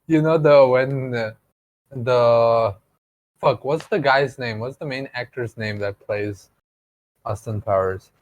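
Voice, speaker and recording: A man's voice: medium pitch, takes it slowly, no room sound, lo-fi sound. A man co-hosting a podcast, rambling crudely and laughing often. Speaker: podcast co-host. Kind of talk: casual banter.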